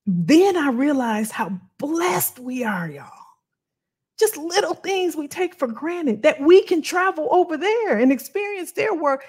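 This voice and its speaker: A woman's voice: high-pitched, big pitch swings, unhurried, darkish tone. A middle-aged woman giving a passionate motivational talk to her viewers and telling personal stories. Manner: passionate, emphatic, addresses viewers as "y'all"; tells personal travel stories. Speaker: career coach and video host.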